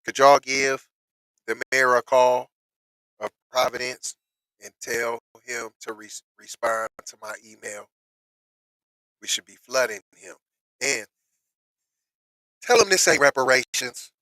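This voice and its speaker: A man casually commenting on news he reads aloud, slangy and animated, with excited outbursts, on a close mic in a dry small room. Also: mid-range voice, slow pace, pauses often, no echo, rough recording.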